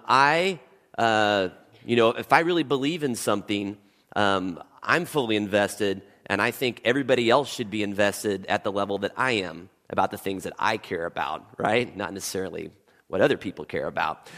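A man preaching a sermon as pastor, his voice husky from a cold, talking in a relaxed, conversational way and checking in with the congregation. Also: fairly low pitch, in a large hall. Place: church sanctuary.

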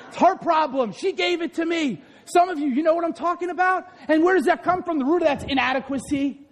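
A man preaching a sermon as pastor, loud and passionate, swinging between shouts and quieter asides. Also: very high-pitched, brisk. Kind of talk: energetic sermon. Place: large hall or church. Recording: echoey hall.

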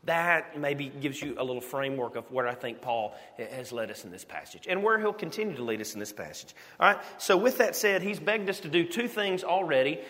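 A man's voice: a little high, animated, fairly quick, few pauses, a bit bright. A man from the United States preaching a sermon, telling a story with animation and asking the congregation questions. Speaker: pastor. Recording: long hall reverb.

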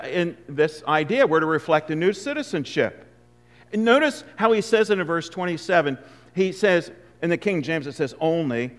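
An older man preaching a sermon as a guest speaker, conversational and then emphatic on key points. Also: fairly high pitch. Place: church sanctuary. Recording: long hall reverb.

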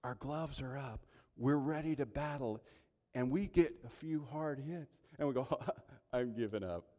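A man preaching a sermon, moving between soft asides and loud, emphatic peaks. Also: on the high side, unhurried. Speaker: pastor. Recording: long hall reverb.

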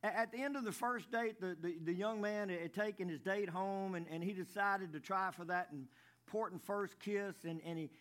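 A man's voice: sits high, steady tone, moderate pace, a bit bright. A man preaching a folksy sermon, stumbling over and repeating words as he tells jokes. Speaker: pastor.

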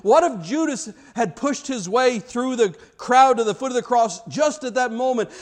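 A man preaching a sermon, impassioned and emphatic, often repeating words and building to loud cries. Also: extremely high pitch, normal speed, few pauses.

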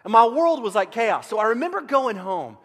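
A middle-aged pastor from Central Texas telling a self-deprecating story in a sermon, animated with frequent restarts. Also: male voice, very high voice, a little fast. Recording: long reverb of a large hall.

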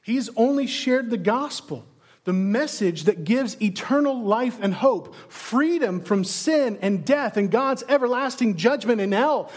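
High-voiced man preaching with rhetorical questions. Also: expressive, a little slow. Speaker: pastor. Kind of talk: sermon.

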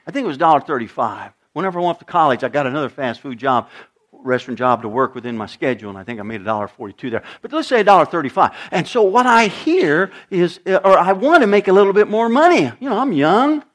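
A man's voice: a little high, lively intonation, fast. A middle-aged man preaching a sermon, telling stories and acting out the dialogue in different voices. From United States. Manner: storytelling, acts out dialogue with shifting voices. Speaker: pastor.

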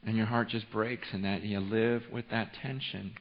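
A man's voice: fairly low pitch, level tone, normal speed. A man around forty from California, preaching a sermon as a pastor, telling an emotional story full of restarts. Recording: reverberant hall, dull sound.

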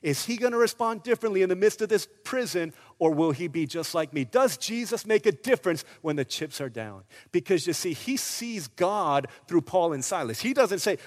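High-voiced animated man preaching in a hall. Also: moderate pace, few pauses. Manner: animated preaching, swings from loud urgent bursts to hushed tones. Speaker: pastor. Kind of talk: sermon.

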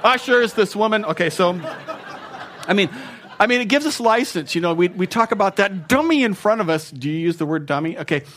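A man's voice: sits high, expressive, a little fast, fairly bright tone, slight background noise. A man preaching a conversational sermon in church, chatty and self-mocking, teasing his congregation. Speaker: pastor. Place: church sanctuary.

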